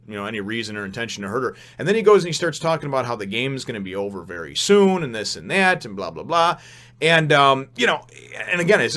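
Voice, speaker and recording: Rambling, animated young man reviewing manga. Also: medium pitch. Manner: rambling, animated, many fillers and restarts, laughs often. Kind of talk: casual spoken review.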